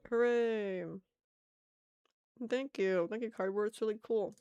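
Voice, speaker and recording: A woman's voice: medium pitch, fairly even intonation, unhurried, mellow, smooth, dry recording, muffled recording. A young woman chatting casually on an art stream, giggling and poking fun at herself as she reads chat aloud.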